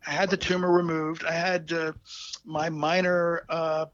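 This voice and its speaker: A man telling a personal story as an interview guest, halting and heartfelt, with many fillers and restarts, on a dull lo-fi recording. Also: fairly high pitch, flat delivery, fairly bright tone, no echo.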